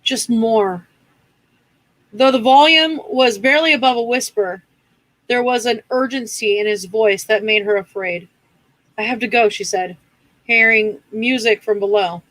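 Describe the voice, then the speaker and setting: A woman reading a horror novel aloud to a live audience, dropping softer for the characters' lines. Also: on the high side, normal speed, no room sound, low-quality recording. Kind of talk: reading aloud with casual chat.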